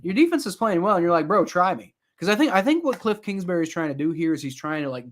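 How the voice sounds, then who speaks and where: This young sports reaction streamer gives casual live play-by-play of a football game, rambling with plenty of fillers. His high, expressive voice races along and at times turns loud and exasperated.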